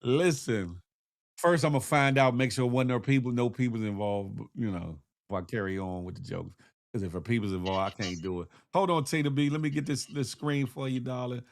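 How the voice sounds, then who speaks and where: A man hosting a morning show in a mid-pitched voice. He talks in a loose, laid-back way and cracks playful jokes with his callers. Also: a little fast. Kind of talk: casual joking chat.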